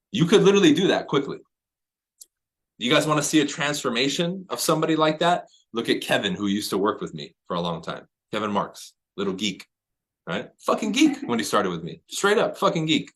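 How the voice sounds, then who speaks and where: Casting: male real estate coach, mid-pitched, intense, profane, motivational. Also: lively intonation, fairly quick, fairly bright tone. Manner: profane, high-energy, emphatic. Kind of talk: motivational talk to agents.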